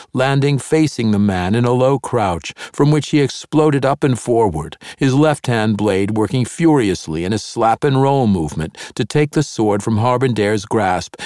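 A man narrating a fantasy novel in a steady, measured way on a close studio mic. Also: lowish voice, no room sound. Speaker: audiobook narrator.

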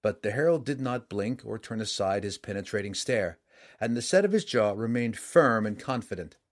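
A man reading a saga aloud in steady, measured scripted narration. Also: lowish voice.

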